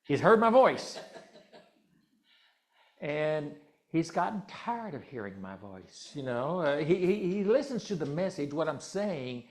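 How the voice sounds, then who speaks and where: A man's voice: fairly high pitch, lively intonation, a little slow. A minister speaking in a chatty, joking way to his congregation from a microphone in a church hall. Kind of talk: conversational sermon. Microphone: handheld or stand mic, slightly ringing.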